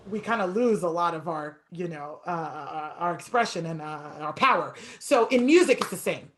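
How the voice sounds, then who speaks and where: A woman piano teacher giving a masterclass, talking fast and stretching words for emphasis. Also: on the low side, animated, a bit bright.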